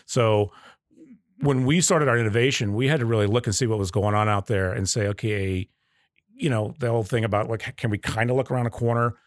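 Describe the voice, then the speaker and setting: A man's voice: medium pitch, a little fast, no room sound, studio quality. A man from the Southern United States, a company leader, telling stories in a casual podcast interview and acting out customer quotes. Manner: storytelling, acts out customer quotes. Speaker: guest, coffee company leader.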